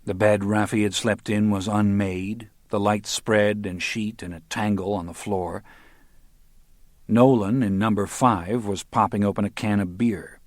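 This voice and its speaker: A man narrating a crime novel audiobook in a measured storytelling manner. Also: lowish voice, fairly even intonation, no room sound, clean studio sound. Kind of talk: scripted narration.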